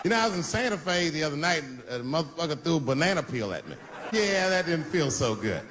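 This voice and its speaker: A man performing stand-up comedy on a large theater stage, telling profane, animated stories and acting out quotes. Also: fairly high pitch, quick pace. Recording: live theater recording with background noise.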